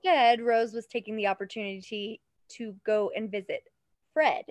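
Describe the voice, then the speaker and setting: A woman co-hosting a podcast, telling a story in casual chat, animated, laughing often and tripping over words. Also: fairly high pitch, moderate pace, no room sound. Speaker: podcast co-host.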